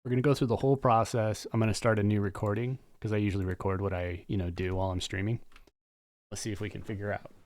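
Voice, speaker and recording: A man's voice: fairly low pitch, steady tone, fast talker, darkish tone, dry recording. A man live-streaming his coding work, talking casually and thinking aloud with muttered asides. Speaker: streamer and game developer.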